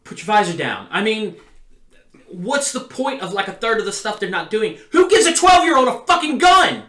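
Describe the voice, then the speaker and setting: A man's voice: sits high, very animated, normal speed, bright, forceful tone, roomy sound. A man co-hosting a podcast, ranting in casual chat with exasperation. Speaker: podcast co-host.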